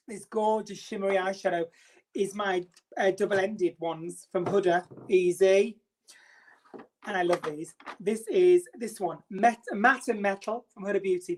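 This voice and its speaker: Chatty, camp woman live-streaming. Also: medium pitch. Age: middle-aged. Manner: camp, theatrical and self-mocking, greeting viewers by name. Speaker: makeup artist hosting a live stream.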